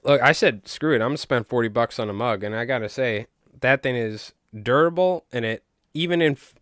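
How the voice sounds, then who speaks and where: A man's voice: mid-range voice, fairly quick, a bit bright, no echo, studio quality. A young man with a Long Island accent chatting casually and jokingly on a live stream while tying flies, rambling with many fillers.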